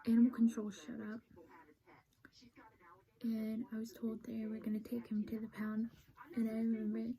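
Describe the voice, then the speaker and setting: A young woman telling a painful personal story in a soft, halting voice, sad and emotional, often sliding into a whisper. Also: on the high side, poor audio.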